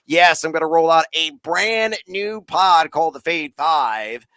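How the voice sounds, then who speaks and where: A man hosting a fantasy football Q&A, answering chat questions rapid-fire with playful, hyped asides. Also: a little high, animated, sharp tone, clean tone, no echo. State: out of breath.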